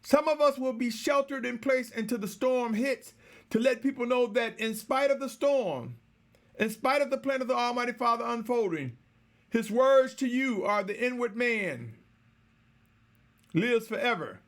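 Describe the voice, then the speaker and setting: A man delivering a slow, measured, exhorting sermon, repeatedly addressing his listeners as brothers and sisters. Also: very high-pitched, lively intonation. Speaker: preacher.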